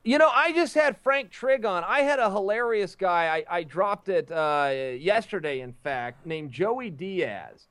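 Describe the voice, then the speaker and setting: A man on a talk show telling a long anecdote in casual chat, lively and prone to repeating his words. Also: high voice, a little slow, few pauses, no room sound. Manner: lively storyteller who stumbles and repeats words.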